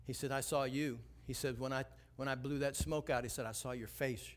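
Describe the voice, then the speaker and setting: A man preaching a sermon, telling a personal story with animated shifts between hushed, tense passages and rising emphasis. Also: fairly quick, a little hiss or hum. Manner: animated storytelling, drops low and quiet for tense moments, then rises and preaches. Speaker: pastor.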